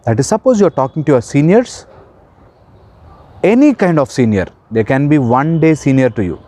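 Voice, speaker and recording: A man giving an earnest spiritual talk, stressing points by repeating words and slowing down. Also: fairly high pitch, sing-song, warm tone. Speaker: spiritual counsellor and life coach. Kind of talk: earnest spoken talk to camera.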